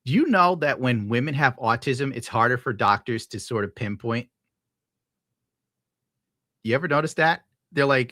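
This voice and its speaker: A man's voice: a little high, fairly quick, sharp tone, no room sound, clean studio sound. A man streaming and reacting to clips in a crude, sarcastic, profane rant, laughing at his own jokes.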